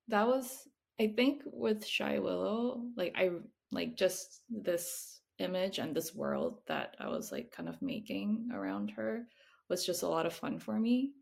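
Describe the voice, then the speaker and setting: A woman's voice: medium pitch, very animated, slow pace, gravelly, husky. A woman, a picture book author, chatting casually in an interview, hesitant and full of "like" fillers, often laughing.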